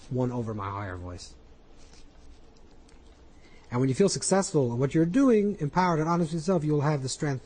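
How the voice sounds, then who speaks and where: A man's voice: on the high side, dark tone, breathy edge, low-quality recording. A man, a rabbi, giving an earnest spoken Torah class, coaching listeners through their inner voices with frequent repetition.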